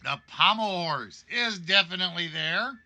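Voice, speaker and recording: Guy hosting a streamed game show, higher voice, really bright and sharp, faint music behind. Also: lively intonation, normal speed. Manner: chatty, joking, reads out players' guesses.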